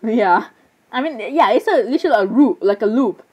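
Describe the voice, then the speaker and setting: A young woman with a somewhat high voice chats through a game, giggling often and stumbling over her words. She rambles casually, filling her talk with "literally" and "I'm sorry" asides as she reacts. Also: expressive, moderate pace, darkish tone. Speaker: gamer. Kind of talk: casual gameplay commentary.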